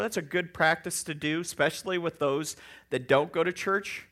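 Preacher, sermon, lively storytelling, bright voice, casual delivery. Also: medium pitch, moderate pace. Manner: animated storytelling, conversational.

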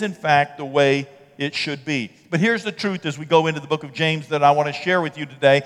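A man's voice: on the high side, big-room sound. A man pastor preaching a conversational sermon to his congregation, acting out mocking quotes and pushing up into emphatic peaks. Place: church sanctuary.

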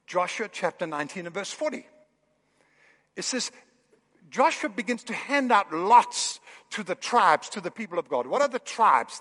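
A man preaching a sermon in a church, with animated, building emphasis. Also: sits high, in a large hall. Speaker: pastor. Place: church hall.

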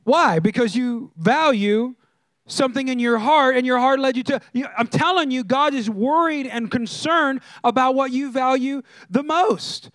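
A man preaching a sermon as a pastor, conversational and animated, who repeats phrases and throws questions at the congregation. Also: extremely high pitch, unhurried, no room sound.

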